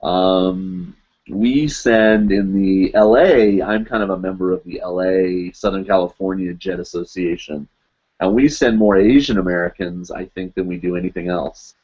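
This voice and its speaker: A man with a low, husky voice rambles through a casual live-stream Q&A, reading viewer comments aloud as he goes. The sound is dull and lo-fi, like stream audio. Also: normal speed, darkish tone. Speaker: live-stream host answering viewer questions.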